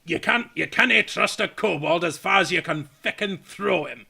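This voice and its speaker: A man's voice: sits high, normal speed, gravelly, sharp tone, husky, full character voice. A man voicing a blunt, suspicious male dwarf who swears in a tabletop game. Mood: grumbling.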